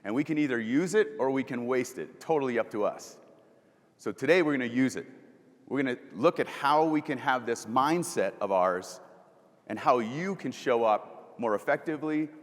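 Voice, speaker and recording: A man speaking at a middle pitch delivers a motivational keynote on a conference stage, asking questions and leading slow breathing. His voice rings through a large hall with a long reverb tail. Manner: asks the audience questions and leads breathing exercises.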